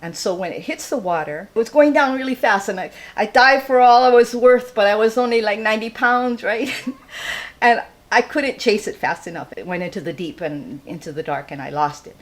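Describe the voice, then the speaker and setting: An older woman from Hawaii telling a personal story live, in an animated way, laughing often and acting out the people in it. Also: mid-range voice, normal speed.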